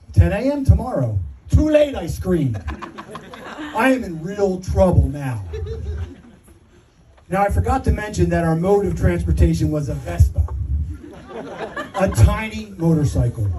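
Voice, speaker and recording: A man's voice: high-pitched, far from the mic, poor audio. A middle-aged man giving a father-of-the-bride wedding speech, telling a story with self-deprecating humor and fighting back tears. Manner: self-deprecating, emotional, laughing through his story. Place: wedding reception hall.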